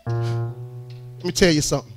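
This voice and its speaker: A man preaching a sermon in church, speaking. He talks to the congregation in a conversational, animated way and builds to loud, strained peaks. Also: a little slow, faint music behind. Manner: rises into shouted, strained peaks.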